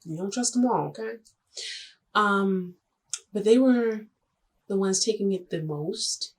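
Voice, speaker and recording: Husky young woman telling a story. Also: mid-range voice. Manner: chatty, dramatic, jokey, quick asides. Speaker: vlogger. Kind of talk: casual storytelling to camera.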